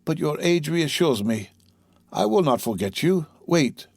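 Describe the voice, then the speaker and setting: A man's voice: a little high, expressive, a little slow, dry recording, studio quality, voice pushed up. A man voicing a cautious, grave fellow prisoner heard through a wall in an audiobook. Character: hidden old male prisoner, cautious and grave.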